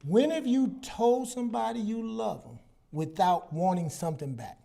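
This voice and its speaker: A man in his sixties telling personal stories on a talk show, animated and casual, acting out quoted dialogue. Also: high voice, normal speed, creaky. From Southern US. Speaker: guest psychologist.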